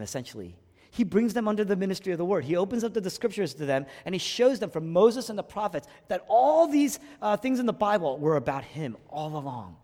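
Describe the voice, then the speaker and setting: Male pastor, slightly high voice, very lively delivery, preaching in a church with long hall reverb. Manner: impassioned preaching, surging from hushed lows to soaring emphatic peaks. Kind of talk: sermon.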